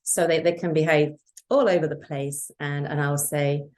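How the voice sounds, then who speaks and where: A woman's voice: deep voice, steady tone, normal speed, a little mellow. A woman guest in an interview, talking earnestly about parenting and acting out quoted dialogue. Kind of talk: conversational interview.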